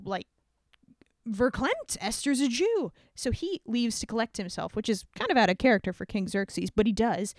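A woman podcast host narrating an old story in a lively, slangy, conversational way. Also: on the high side, no echo, clean studio sound.

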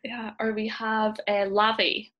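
A Scottish woman talking as a guest in a relaxed interview, chatty, laughing often and using many ums. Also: medium pitch, slow pace, highs cut off. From Scotland. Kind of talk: casual interview chat.

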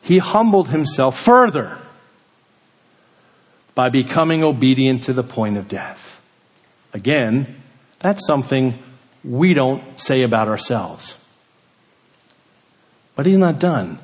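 A male pastor delivers a sermon at an unhurried, deliberate pace. His voice sits at a middle pitch, climbs on the words he wants to stress, and sinks low and soft at the end of a thought. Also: lively intonation, long reverb tail. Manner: measured preaching, rising for emphasis then dropping to a hush.

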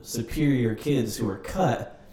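A man in casual podcast chat, telling rambling, animated stories with swearing. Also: mid-range voice, measured pace, slight background noise. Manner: rambling, animated storytelling with cursing. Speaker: podcast participant. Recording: roomy, distant mic with faint ambience.

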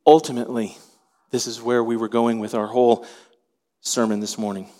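A man preaching a sermon, animated, acting out the voices of the people in his story. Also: mid-range voice, normal speed, long reverb tail. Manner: animated, acts out voices in quotes. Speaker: pastor.

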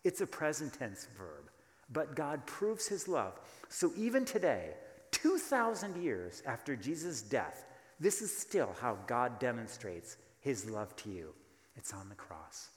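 A man's voice: medium pitch, wildly swooping pitch, measured pace. Emphatic preacher man in an echoey hall. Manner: emphatic, rhetorical questions, asks the congregation to answer. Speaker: pastor. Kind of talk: sermon.

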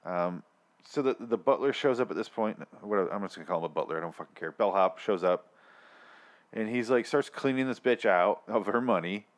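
Here a man hosts a relaxed podcast chat, speaking fairly quickly in a lowish voice. Swearing freely and laughing, he recounts a scene with lively, animated energy.

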